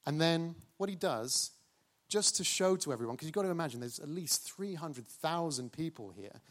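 A man preaching a sermon, dramatic, slowing for emphasis and returning to a rhetorical refrain. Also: on the high side, expressive.

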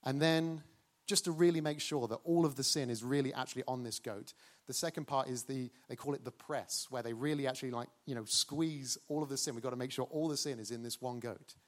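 A man delivers a dramatic sermon at a middling pitch. He slows down to stress key words and keeps coming back to a rhetorical refrain. His tone is animated and engaged with his listeners. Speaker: preacher.

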